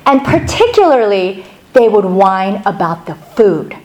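A middle-aged woman pastor opening a sermon with a chatty, animated personal story, laughing now and then. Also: mid-range voice, normal speed, rough recording.

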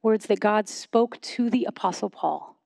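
A woman pastor giving a sermon, posing questions and leading a guided silent prayer in a measured, unhurried way. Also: medium pitch, gravelly, no room sound, studio quality. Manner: measured, slowing into soft reflective pauses.

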